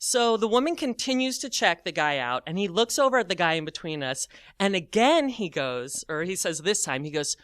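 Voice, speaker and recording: A man tells a funny personal story with lively energy, dropping constant fillers and playing out his own inner voice. His voice is close and dry. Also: high-pitched, normal speed, smooth, no echo. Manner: animated, full of "like", acts out his own thoughts.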